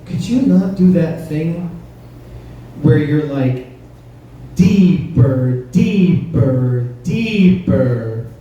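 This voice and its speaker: A male comedian works a club crowd with a punchy, conversational set, his voice mellow and a little high. The recording is distant and boomy, with long room reflections. A faint background hiss sits under it all. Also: very echoey. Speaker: stand-up comedian.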